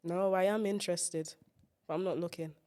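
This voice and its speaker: A woman's voice: on the low side, fairly even intonation, moderate pace, mellow. A young woman guesting on a comedy podcast, candid and rambling with a dry sense of humor. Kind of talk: casual comedy podcast chat.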